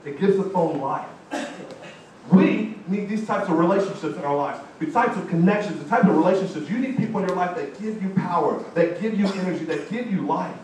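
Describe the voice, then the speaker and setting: A man's voice: high-pitched, a little fast, slight background noise. A man delivering a live motivational speech, telling a story with energy and speaking straight to his audience. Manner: animated storytelling with audience call-outs. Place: large college event hall. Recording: echoey hall, distant mic.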